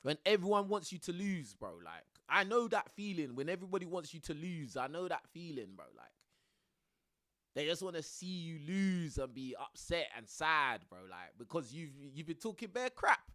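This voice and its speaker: A man's voice: fairly high pitch, sing-song, moderate pace, sharp tone, no room sound, clean studio sound. A young man chatting casually to his live stream audience, tossing in bruv and bro.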